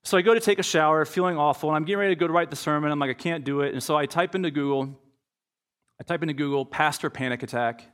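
A man's voice: fairly high pitch, racing, a bit bright. A pastor preaching a conversational sermon, telling a personal story and acting out his own inner dialogue.

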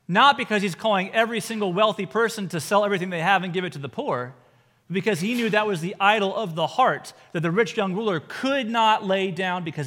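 A man's voice: high voice, a bit bright, long reverb tail. A pastor preaching a sermon, earnest, his voice rising and falling for emphasis.

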